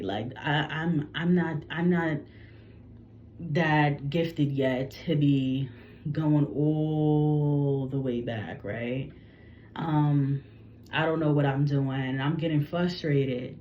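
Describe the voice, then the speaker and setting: A woman's voice: low-pitched, steady tone, drawn-out words, dark tone, dull audio, slight background noise. A woman psychic telling a channeled reading story in a rambling, casual way, often restarting her sentences. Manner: rambling, frequent restarts and self-corrections. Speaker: psychic reader.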